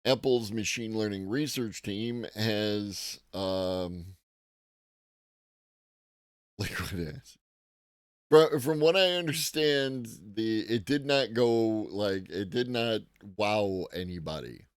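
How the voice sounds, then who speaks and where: Brief: man hosting a morning tech-news stream, unhurried and offhand, slightly low-pitched. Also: animated, dry recording, studio quality. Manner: casual, rambling, profane, greets chat viewers. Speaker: live-stream host.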